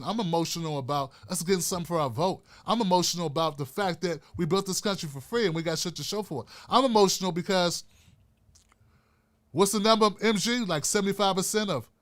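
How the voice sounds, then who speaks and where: A man's voice: high voice, a bit bright. A man hosting his own commentary show, speaking with passion, often repeating and restarting phrases for emphasis and talking straight to his viewers. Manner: addresses viewers directly and casually. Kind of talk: impassioned political commentary.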